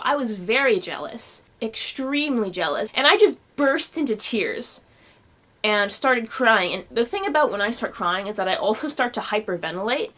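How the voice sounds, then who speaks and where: Young woman vlogging at home, lively storytelling, voice sits a bit high. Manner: animated, expressive storytelling with acted quotes. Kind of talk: personal storytelling vlog. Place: home room.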